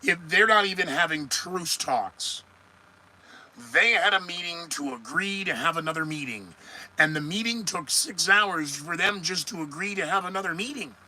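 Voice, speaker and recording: This solo news podcast comes through with poor audio: a man with a slightly high, sharp voice speaks at normal speed with lively intonation. Sarcastic and rambling, he keeps replying to his own comments.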